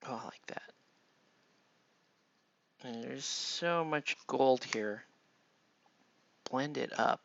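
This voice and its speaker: A man with a gravelly, creaky voice chats casually on a live stream as he paints, murmuring half to himself and talking to viewers between brushstrokes. The audio is dry and close, with a dull, lo-fi tone. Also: mid-range voice, drawn-out words, long pauses, a bit bright, no echo.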